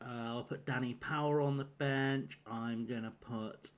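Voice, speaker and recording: A man talks through a football management game on a live stream. His voice sits in an ordinary middle pitch, and he rambles and fusses aloud as he sorts out his lineup. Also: fairly even intonation, unhurried, clean tone. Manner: rambling, flustered, talks to himself while picking a team. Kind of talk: live-streamed gameplay commentary.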